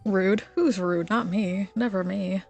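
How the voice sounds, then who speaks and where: A woman's voice: mid-range voice, fairly even intonation, unhurried, vocal fry, a little mellow, soft background music. A woman streaming a game, chatting casually with her viewers in a teasing, giggly way and reading the game's text aloud. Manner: teasing, giggly banter with chat.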